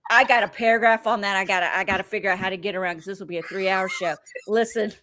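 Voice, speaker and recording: A middle-aged woman co-hosting a casual recap chat, telling stories with animated energy, swearing freely and acting out what people said. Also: mid-range voice, fast, no room sound. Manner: animated storytelling, swears freely, acts out quotes. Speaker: podcast co-host.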